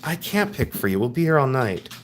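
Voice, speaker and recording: A man's voice: medium pitch, big pitch swings, brisk, slight background noise. A man hosting a live jewelry sale stream, talking in a chatty, rambling, jokey way and showing affection toward his viewers. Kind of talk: casual live sales stream.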